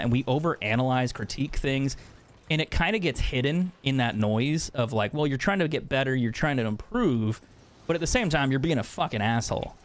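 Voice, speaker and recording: A young man streams a game and chats openly with his viewers. His voice sits at a mid pitch. His talk is loose and profane, with frequent laughs. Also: lively intonation, fairly quick. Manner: candid, profane, laughs often. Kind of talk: casual chat with stream viewers while gaming.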